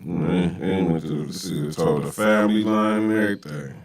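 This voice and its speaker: A man's voice: deep voice, normal speed, far from the mic. A man hosts a casual reaction talk. He riffs in a loose, mocking way, full of street slang. The sound is roomy, as if he sits back from the microphone. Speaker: podcast host reacting to a video.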